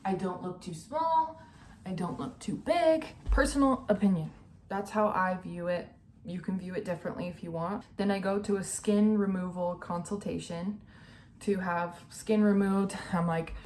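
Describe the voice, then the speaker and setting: A young adult woman with a lowish, darkish voice opens up candidly and emotionally in a personal vlog. There's a little hiss or hum on the recording, and her earnest speech is filled with "like" and "you know."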